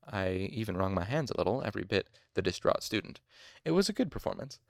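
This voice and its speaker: Low gravelly male audiobook reader. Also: animated, fairly quick, no room sound, clean studio sound. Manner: casual asides, mild exasperation at hard names. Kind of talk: fan audiobook narration.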